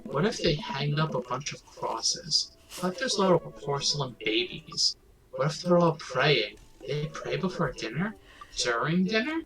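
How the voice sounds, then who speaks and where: Man, let's play host, slow unhurried delivery, lively pitch, game music behind. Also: crowd noise, poor audio. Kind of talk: casual let's play, reading game narration aloud.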